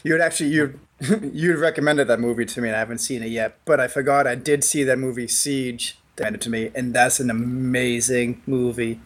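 A man's voice: mid-range voice, fairly even intonation, a little fast. Laid-back man in casual chat.

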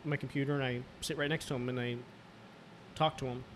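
A man in casual chat, telling a story haltingly, with fillers and restarts. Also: medium pitch, steady tone, a bit bright, slight background noise.

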